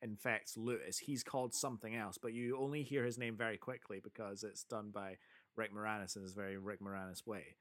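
A man's voice: lowish voice, fairly even intonation, fairly quick, a bit bright. Enthusiastic man quoting film lines. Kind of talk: casual chat.

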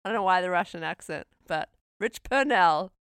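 A woman co-hosting a podcast, chatting casually about a film, laughing often and talking in an animated way. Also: lowish voice, moderate pace, clear, resonant tone, no room sound. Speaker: podcast co-host. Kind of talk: casual movie review chat.

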